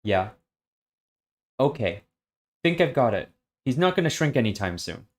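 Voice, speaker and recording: A man's voice: mid-range voice, big pitch swings, unhurried. A man voicing a weary, guarded young woman healer in a plain reading voice while reading a story aloud. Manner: plain reading voice, little change for the figure.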